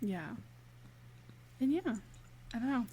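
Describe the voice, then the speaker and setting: Slow-talking woman podcaster, laughs often. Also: a little high, very animated, over a noisy crowd. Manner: unhurried, laughs often, quick agreeing replies. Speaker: podcast co-host. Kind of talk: casual chat recapping a cartoon.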